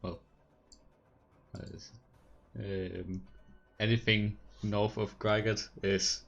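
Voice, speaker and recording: Deep-voiced male game master. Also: level tone, slow, vocal fry, a bit bright, muffled recording. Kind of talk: running a tabletop game.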